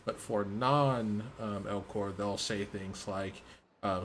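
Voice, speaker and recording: A man's voice: on the low side, fairly even intonation, slow, fairly bright tone, slight background noise. An American man giving casual commentary on his own gameplay, chatty and full of ums. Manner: chatty, many ums, laughs easily. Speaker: let's play gamer. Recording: game music playing behind.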